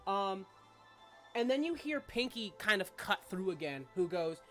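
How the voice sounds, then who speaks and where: A woman's voice: mid-range voice, very animated, a little slow, a bit bright. Young woman running a tabletop game, chatty and loose, bit of music behind. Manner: casual, rambling, full of fillers and swearing. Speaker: game master.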